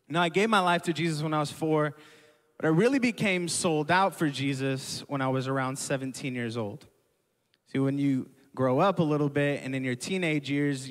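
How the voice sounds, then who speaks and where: A young man preaching a sermon, repeating key phrases and asking the crowd to echo them back. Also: on the high side. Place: large church hall. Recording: long hall reverb.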